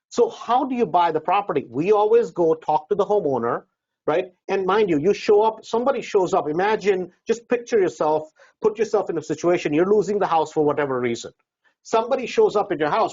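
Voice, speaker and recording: A man's voice: high-pitched, expressive, brisk, a little mellow, breathy edge, lo-fi sound. A man coaching real estate investors in a seminar talk, conversational, acting out doorstep dialogue and often asking "right?".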